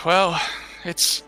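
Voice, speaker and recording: Man voicing an old priest, gentle, worried, halting, bright raised voice, faint music behind. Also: a little high, exaggerated voice. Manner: halting, many restarts and sighs. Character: elderly male temple priest, gentle, worried. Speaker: game master. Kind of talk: in-character tabletop roleplay.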